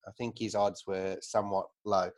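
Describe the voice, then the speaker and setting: A man hosting a podcast chat, relaxed and joking as he asks questions. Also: lowish voice, normal speed. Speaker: podcast host.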